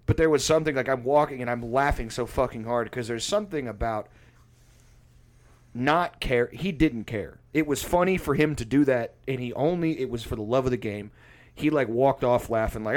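Man, mid-pitched, casual storyteller, profane, rambling, laughs a lot. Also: normal speed. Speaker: musician.

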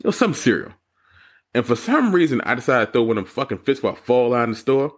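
Animated, husky-voiced man telling stories. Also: quick pace. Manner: animated storytelling, profane, jumps high when mocking. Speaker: podcast co-host. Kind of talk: casual chat.

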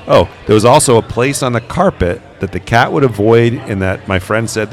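Low-voiced man telling ghost stories. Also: moderate pace. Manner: animated, acts out quoted voices. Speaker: paranormal investigator guest. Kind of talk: conversational interview storytelling.

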